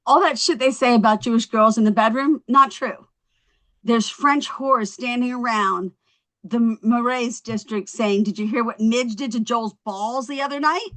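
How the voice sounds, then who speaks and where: An actress at a table read playing a tipsy young woman who rambles through stand-up after her husband left, full of quick self-mocking asides. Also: on the high side, a bit bright, natural voice. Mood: rambling. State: a little drunk.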